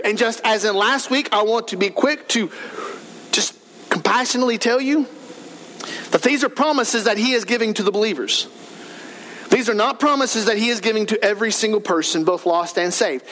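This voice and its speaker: High-pitched man preaching earnestly. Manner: earnest, emphatic preaching with rising bursts of excitement. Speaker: pastor. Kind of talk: sermon. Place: church sanctuary.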